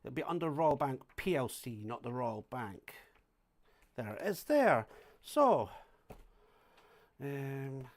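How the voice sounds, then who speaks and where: Middle-aged Scottish man, mid-pitched, casual livestream chatter at home, thinks aloud, now and then loud outbursts. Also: sing-song, slow, long pauses. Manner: chatty, thinks aloud while sorting notes, sudden loud exclamations. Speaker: coin and banknote collector livestreaming. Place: home flat indoors.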